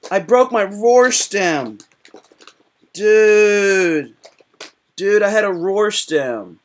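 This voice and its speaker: A young man hosting a casual live stream, rambling and excitable as he answers chat questions, swearing often. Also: a little high.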